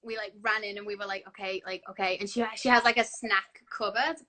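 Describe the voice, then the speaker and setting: A woman's voice: medium pitch, steady tone, a little fast, sharp tone, low-quality recording. A woman joining a phone livestream as a guest, telling stories in a giggly, playful way. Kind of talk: casual livestream chat. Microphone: video call on a phone livestream.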